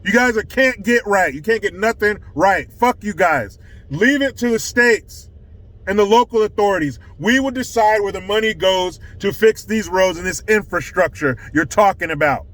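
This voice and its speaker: High-voiced man ranting sarcastically. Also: animated, normal speed, a bit bright. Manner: sarcastic, profane. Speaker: vlogger. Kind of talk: ranting commentary. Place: California.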